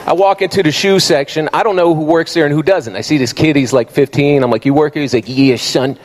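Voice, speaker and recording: A man doing an animated stand-up comedy routine on a club stage, acting out every character. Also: fairly high pitch, fast. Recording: live stage with crowd laughter.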